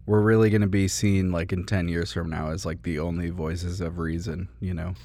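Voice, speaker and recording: Deadpan young man with a low voice. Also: normal speed, dry recording. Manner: deadpan, dry ironic jokes. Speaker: podcast co-host. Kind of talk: casual comedic chat.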